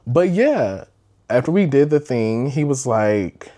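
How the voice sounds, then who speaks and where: A man's voice: mid-range voice, very animated, slow pace, mellow. Young male podcast host, mid-range voice, candid rambling storyteller who swears freely. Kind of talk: casual storytime.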